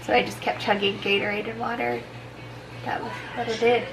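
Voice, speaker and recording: A woman's voice: on the high side, little pitch movement, a little fast, background noise. Congested, feverish woman vlogging. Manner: tired, rambling, many likes and restarts. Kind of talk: casual vlog chat.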